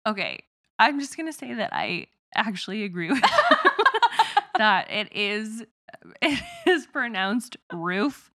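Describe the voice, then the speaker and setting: A woman's voice: a little high, wildly swooping pitch, takes it slowly, sharp tone. Giggly Midwestern woman with a twang. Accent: rural Midwestern American with a slight twang. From rural Midwest of the United States. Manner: giggly, chatty, laughs often. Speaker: podcast co-host. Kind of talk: casual podcast chat.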